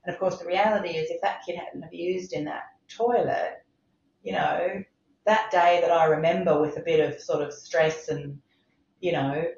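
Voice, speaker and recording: A woman's voice: on the low side, creaky, a little mellow. A middle-aged woman, a medical director, speaking emphatically in a podcast interview. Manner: impassioned, emphatic, repeats for stress. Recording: roomy, slightly dull sound.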